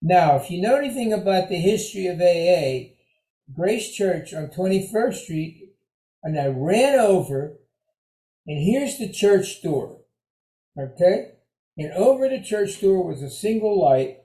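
Animated older New man telling his story. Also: high voice, a little slow, reverberant, low-quality recording. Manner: animated, conversational, repeats phrases for emphasis. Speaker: storyteller sharing recovery story. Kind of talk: personal storytelling talk.

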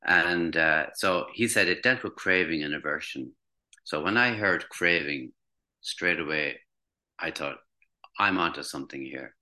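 A man's voice: rumbling low, unhurried, bright, forceful tone. A man in his sixties, once a teacher, tells a personal story in a reflective, hesitant way, with many restarts. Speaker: former teacher recounting recovery.

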